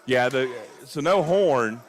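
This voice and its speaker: A young man calling a basketball game play-by-play, openly partisan and quick to get worked up over big plays and missed calls. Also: medium pitch. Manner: excitable, rises sharply on big plays and disputed calls; openly partisan, admits getting emotional. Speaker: play-by-play announcer. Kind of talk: live basketball commentary.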